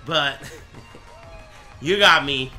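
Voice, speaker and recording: A man's voice: a little high, drawn-out words, pushed and bright. A man in his twenties streaming a game live, swearing and ranting at his chat in mock anger. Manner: profane, mock-angry banter with chat. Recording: game music underneath.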